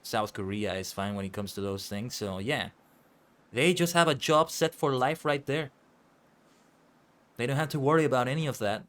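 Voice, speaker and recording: A man streaming and chatting casually, animated and exclaiming, often correcting himself mid-sentence. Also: mid-range voice, moderate pace, long pauses. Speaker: VTuber streamer. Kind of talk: casual stream chat and reactions.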